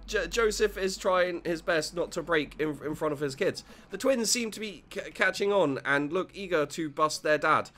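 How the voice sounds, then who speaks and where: A man doing gameplay commentary, excitable and joking, with frequent stammered restarts and casual swearing. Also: fairly high pitch, moderate pace, hardly any pauses. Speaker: let's play host. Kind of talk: gameplay commentary, reading dialogue aloud.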